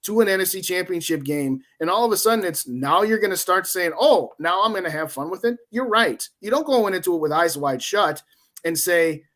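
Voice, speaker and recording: A man's voice: high-pitched, lively intonation, a little fast, a bit bright. A man in his forties co-hosting a casual sports podcast, giving long opinionated rants. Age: 40s. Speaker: podcast co-host.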